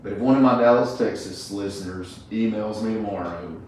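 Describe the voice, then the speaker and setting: A man's voice: lowish voice, brisk, darkish tone, slight background noise. A man hosting a podcast, chatting in a laid-back, folksy way. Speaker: podcast host. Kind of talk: casual chat. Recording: very echoey room, mic far off.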